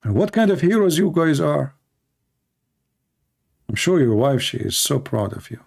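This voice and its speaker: A man's voice: on the high side, very animated, normal speed, gravelly, darkish tone, slightly rough. A man hosting a livestream, talking off the cuff in a combative, mocking, rambling way, his voice tired after hours of talking. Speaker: livestream host. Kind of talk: unscripted livestream monologue.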